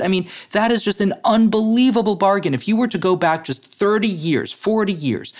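Earnest man explaining at length. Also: a little high. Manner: earnest, explanatory, many fillers and restarts. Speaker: guest, head of a democracy nonprofit. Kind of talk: interview conversation.

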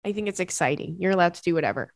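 A woman's voice: on the low side, rapid-fire, no echo. Young woman podcast host, chatty and emotional, lots of likes and ums, dry close mic. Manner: chatty and emotional, many fillers. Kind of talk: casual chat, reading listener letters.

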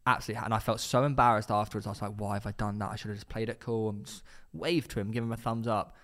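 A young man co-hosting a podcast, telling stories in an excitable, casual way with lots of restarts. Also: lowish voice. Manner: fast, excitable storyteller with frequent restarts and laughs. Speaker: podcast co-host. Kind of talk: casual chat.

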